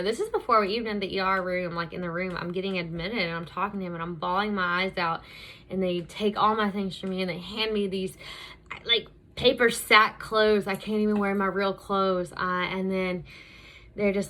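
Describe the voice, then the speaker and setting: A woman's voice: mid-range voice, bright, forceful tone. A woman vlogger telling a candid personal story while doing her makeup, rambling with lots of "um" and "like". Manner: rambling, frequent fillers like "um" and "like".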